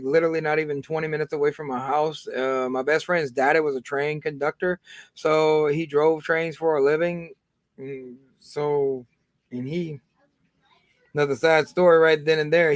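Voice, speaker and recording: Man in his 30s, livestream host, slightly higher voice, dry close sound, loose rambling chat. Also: no echo. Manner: rambling, many fillers and restarts.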